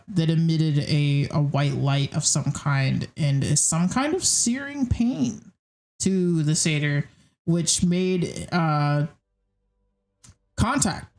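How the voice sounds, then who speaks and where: A woman's voice: sits low, darkish tone. A woman narrating a tabletop game as game master, casual and hesitant with many fillers.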